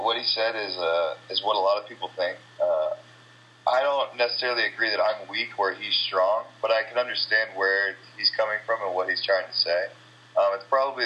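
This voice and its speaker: A man's voice: lowish voice, highs cut off. A man from the USA, a kickboxing champion, giving blunt, rambling, trash-talking answers in a casual interview.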